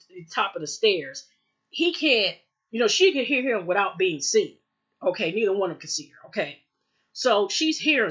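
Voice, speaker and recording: A woman talks through a TV episode in a loose, rambling way, full of fillers, and slips into quick quoted lines for the characters. Her voice sits at a middle pitch. The audio is a little dull and lo-fi. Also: a bit bright. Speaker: TV recap vlogger. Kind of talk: casual episode recap.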